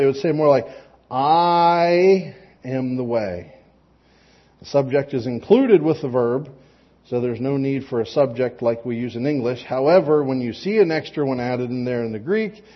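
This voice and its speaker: A man's voice: mid-range voice, dull audio. A man preaching a conversational sermon in a plain-spoken way, often restarting and repeating words and dropping light joking asides.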